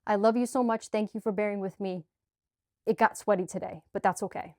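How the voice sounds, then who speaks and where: A woman records a heartfelt direct-to-camera spiritual vlog, gushing and earnest, sweaty and a little choked up, stumbling into restarts and filler. She speaks fairly quickly in a medium-pitched, steady voice with a darkish tone. The audio is clean studio sound with no echo.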